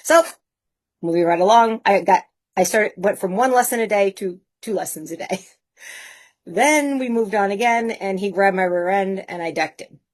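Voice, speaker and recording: A woman in her fifties, a guest telling lively personal anecdotes in a casual way, laughing often. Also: medium pitch, normal speed. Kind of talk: casual storytelling.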